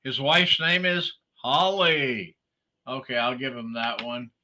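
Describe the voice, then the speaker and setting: Man, livestream host, casual chat, slow and rambling, bright edgy tone. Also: mid-range voice, a little hiss or hum. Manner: rambling, chatty, lots of fillers and restarts; greets commenters by name. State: sleepy, yawning.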